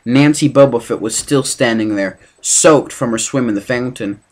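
A man reading a novel aloud as an amateur, halting now and then with slips and restarts. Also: medium pitch, darkish tone. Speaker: reader.

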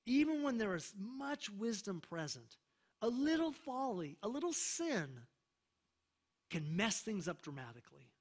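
A man preaching a sermon as pastor, emphatic, slowing down for scripture readings and checking in with the congregation. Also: high voice, sing-song.

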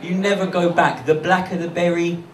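On a comedy club stage before a crowd, a young Londoner does brash, cheeky stand-up full of quick asides, handheld mic in hand. His high voice has little pitch movement and sounds distant, with echo and loud audience laughter.

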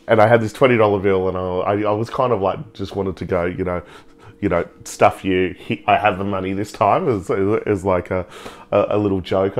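Low-voiced man telling a story. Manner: animated, acts out the people in his story with laughs. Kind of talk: storytelling talk.

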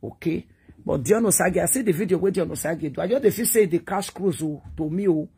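A woman's voice: on the low side, brisk, dark tone, slightly rough. A Nigerian woman from Edo State giving a rambling, pleading live-stream monologue, talking straight to her viewers.

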